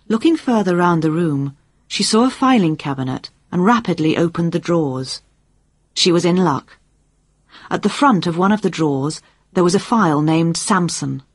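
A woman reading a story aloud as narrator, in a measured storytelling manner. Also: lowish voice, breathy edge, dry recording, clean studio sound. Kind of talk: audiobook narration.

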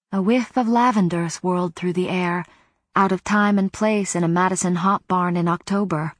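A woman narrates a first-person novel in a measured, even voice. Her voice sits on the low side, recorded close on a studio mic. The sound is dry, with no room echo. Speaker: audiobook narrator.

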